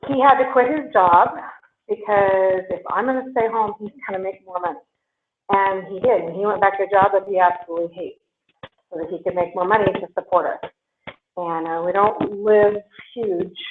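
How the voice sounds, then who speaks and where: Middle-aged woman, earnest heartfelt testimonial, echoey room over a tinny line. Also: medium pitch. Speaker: guest giving a testimonial. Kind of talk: personal testimonial to an audience. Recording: roomy, tinny phone-like stream, faint noise.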